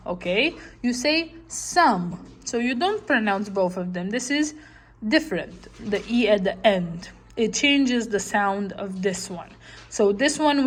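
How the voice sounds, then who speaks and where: A woman teaching a lesson, patiently repeating words and checking in with her listeners. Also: mid-range voice. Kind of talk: classroom lesson, explaining slowly.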